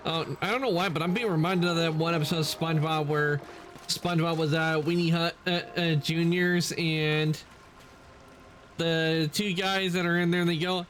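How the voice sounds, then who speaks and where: Male streamer, slightly high voice, loose rambling chat over gameplay. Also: steady tone, normal speed, fairly bright tone, slight background noise. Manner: rambling, heavy with "like" fillers.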